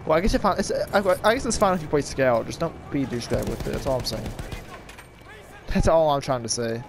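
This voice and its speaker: Excitable young man commentating gameplay. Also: fairly high pitch, fairly quick, creaky, noisy background. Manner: excitable, trash-talking, rambling. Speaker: gaming YouTuber.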